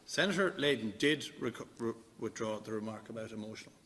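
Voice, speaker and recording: A man with an Irish accent chairing a chamber debate, brisk and calming. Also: fairly low pitch, big-room sound, slight background noise. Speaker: chair of the house.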